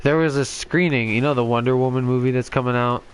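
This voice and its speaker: A man's voice: mid-range voice, fairly even intonation, fast talker, a little hiss or hum. Rambling young man chatting over gameplay. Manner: rambling, laughs often, many fillers. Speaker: gaming channel host. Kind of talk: casual chat while playing a game.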